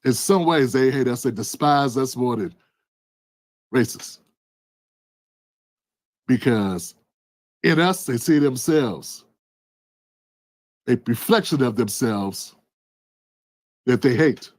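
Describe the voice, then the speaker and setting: Host, man, mid-pitched, fervent vlog rant, hammering repetition and rhetorical questions. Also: expressive, slow, long pauses, darkish tone. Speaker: channel host and political commentator. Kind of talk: impassioned political commentary rant.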